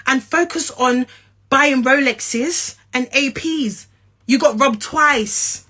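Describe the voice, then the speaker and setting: Her rant is slow but furious: a young social media personality from England, London and Essex accent, addressing the camera head-on. She sounds high, bright and sharp, swearing bluntly, confronting whoever's listening and repeating herself to make her points land.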